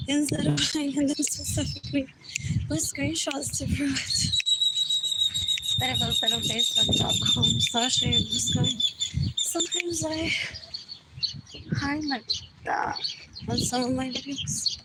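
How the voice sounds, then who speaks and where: Woman, livestream host, slow repetitive muttering, loud ambient noise with birdsong. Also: high-pitched, steady tone. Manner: repetitive, muttering, drifts into whispers. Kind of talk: rambling solo livestream monologue.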